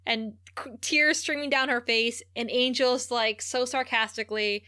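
A woman co-hosting a casual podcast, recapping a TV episode in an animated way and acting out the characters' lines. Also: fairly high pitch, normal speed, clear, resonant tone, no echo, studio quality. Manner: animated retelling, acting out quoted lines, frequent laughs.

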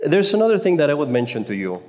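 A man's voice: fairly high pitch, very animated, fast talker, a little mellow. Man giving a chatty talk in an echoey hall. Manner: conversational and joking, with frequent stammered restarts. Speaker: speaker at a conference for Catholic mothers. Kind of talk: informal faith talk to an audience. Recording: echoey hall with long reverb.

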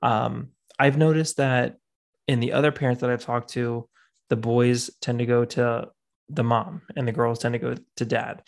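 A man hosting a casual podcast chat, agreeable and quick to laugh. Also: mid-range voice, little pitch movement, gravelly. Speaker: podcast host.

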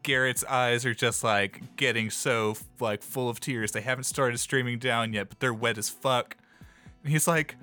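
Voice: medium pitch, fairly even intonation, measured pace, sharp tone, no room sound, studio quality, faint music behind. A player narrating their character's actions casually, with swearing and laughter. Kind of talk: casual game talk.

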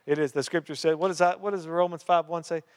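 A man's voice: fairly high pitch, steady tone, fast talker. A man preaching a sermon as pastor, telling a story in an earnest way and repeating key phrases. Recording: long hall reverb.

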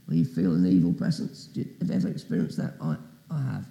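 A man's voice: fairly low pitch, very animated, quick pace, gravelly, warm tone, reverberant, low-quality recording. A man preaching as a guest speaker, telling a story with asides and questions to the audience. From Britain. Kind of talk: testimony sermon.

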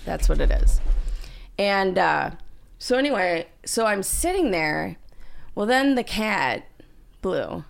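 A woman's voice: medium pitch, very animated, takes it slowly, creaky, long pauses. A woman co-hosting a casual podcast, telling a story animatedly and acting out her own panicked lines. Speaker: podcast co-host.

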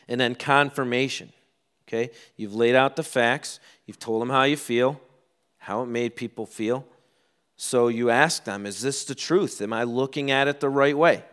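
A middle-aged male pastor delivers a sermon, with a bright, forward tone in his voice. He tells stories from his own home and acts out quoted lines, swinging from loud to hushed as he goes. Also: mid-range voice, normal speed, clean tone. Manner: animated storytelling, acts out quotes.

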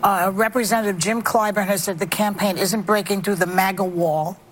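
A woman's voice: medium pitch, steady tone, moderate pace. A woman co-hosting a TV panel show, asking a guest earnest, emphatic questions. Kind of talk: televised panel interview question.

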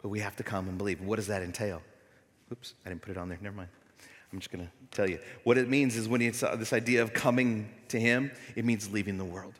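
A middle-aged male pastor giving a sermon, moving between loud, emphatic preaching and soft, near-whispered passages. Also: fairly low pitch, steady tone, fast. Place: church sanctuary. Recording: long hall reverb.

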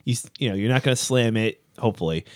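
A man's voice: on the low side, quick pace, no room sound, studio quality. A man co-hosting a casual podcast chat, rambling with many restarts and fillers. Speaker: podcast co-host.

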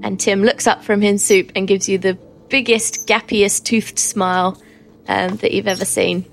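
A woman narrating as game master of a tabletop game, unhurried, with many ums. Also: mid-range voice, expressive, gravelly, soft background music.

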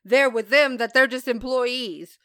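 A woman's voice: on the high side, unhurried, bright, forceful tone, clean tone, dry recording, studio quality. A woman co-hosting a casual chat podcast who talks bluntly and swears freely. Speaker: podcast co-host.

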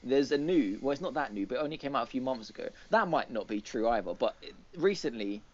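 A man's voice: mid-range voice, expressive, fast talker. A man co-hosting a podcast, chatting in a rambling, laughing, unsure way. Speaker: podcast co-host. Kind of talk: casual chat. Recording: dull lo-fi podcast audio.

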